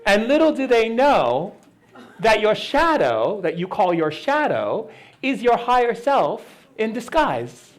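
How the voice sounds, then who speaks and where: A man's voice: sits high, very animated, slow pace. A man giving a spiritual talk at an expo, playful and laughing as he acts out little voices. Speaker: spiritual speaker. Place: expo lecture hall.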